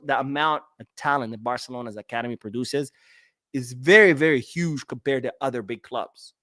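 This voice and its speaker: A man's voice: medium pitch, fairly bright tone, dry recording, clean studio sound. A man hosting a casual livestream podcast, reading out chat comments and answering them in a rambling way, repeating his words.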